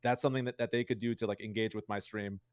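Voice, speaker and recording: A young man with a lowish, steady voice talks casually as a guest streamer in an interview, rambling quickly and leaning heavily on fillers. The sound is studio quality with no echo.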